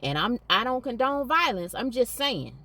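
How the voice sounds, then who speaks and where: A woman's voice: fairly high pitch, very animated, normal speed, pushed and bright. A woman hosting a podcast, speaking candidly and emphatically and repeating points for stress. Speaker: podcast host.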